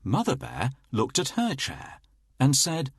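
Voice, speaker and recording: A man reading a children's story aloud, slow and expressive. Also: medium pitch, creaky, slightly rough, no echo, studio quality.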